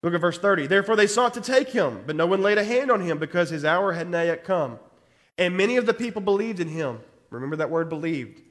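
A man's voice: sits high, lively intonation, fast talker. A male pastor preaching, reading Bible verses aloud and commenting on them with growing intensity. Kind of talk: expository sermon reading scripture.

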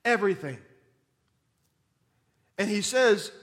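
A man preaching a sermon in an emphatic way, swinging between loud and soft and repeating words when he stumbles. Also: on the high side, unhurried.

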